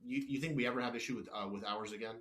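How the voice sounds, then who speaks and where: A man's voice: mid-range voice, racing, a bit bright. Man, podcast guest, blunt, no-nonsense, storytelling, acts out exchanges, restarts often. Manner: frequent restarts and apologies, wanders off topic. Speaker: company executive guest. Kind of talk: casual podcast interview.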